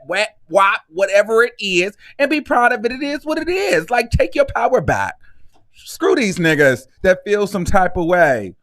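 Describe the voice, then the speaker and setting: A man hosting a celebrity gossip show, giving sassy, outspoken, animated commentary. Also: high-pitched, moderate pace, no echo. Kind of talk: casual commentary vlog.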